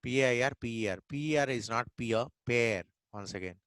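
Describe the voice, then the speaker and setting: A man's voice: medium pitch, a little fast, fairly bright tone, clear, resonant tone, no echo, poor audio. A middle-aged man teaching pronunciation, repeating each word several times and contrasting it with the wrong way to say it. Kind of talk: classroom lesson, drilling words one at a time.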